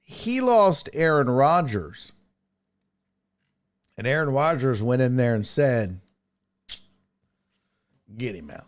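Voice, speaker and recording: A man's voice: mid-range voice, very animated, takes it slowly, long pauses, smooth. A man hosting a sports talk show, chatting casually and thinking aloud as he reacts to the news.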